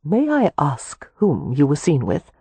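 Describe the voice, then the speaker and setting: A woman playing a gentle, tactful society matron. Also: low-pitched, wildly swooping pitch, a little slow, breathy edge, no room sound, exaggerated voice.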